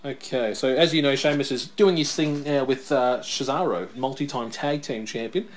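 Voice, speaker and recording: Chatty guy hosting a watch-along, reads off facts, storytelling, mid pitch. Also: normal speed, a little hiss or hum. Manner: chatty, reads out wrestler facts, tells stories. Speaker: podcast co-host. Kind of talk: casual watch-along chat.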